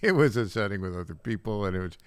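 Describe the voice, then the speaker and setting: A man's voice: lowish voice, animated, quick pace. A man co-hosting a talk radio show, laughing along and asking leading questions.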